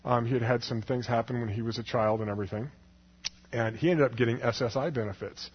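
A man with a medium-pitched, husky voice and fairly even intonation talks fast, telling a personal story to an audience in a chatty way. He laughs often, restarts, and acts out the people's voices, recorded with long hall reverb and a dull lo-fi sound.

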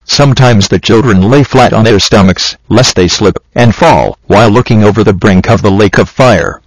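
Low-voiced man reading aloud. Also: moderate pace, no echo, low-quality recording. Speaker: reader. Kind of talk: reading a religious book aloud.

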